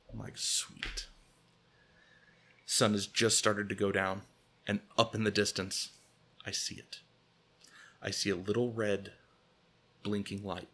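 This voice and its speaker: A man's voice: lowish voice, fairly bright tone, slightly rough. A man telling a comic personal story as podcast host, acting out quotes, swearing and laughing often.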